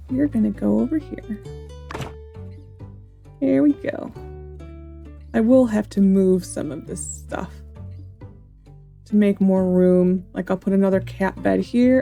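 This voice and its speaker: A woman's voice: mid-range voice, vocal fry, mellow. A woman hosting a gameplay video, chatting casually and thinking aloud as she plays.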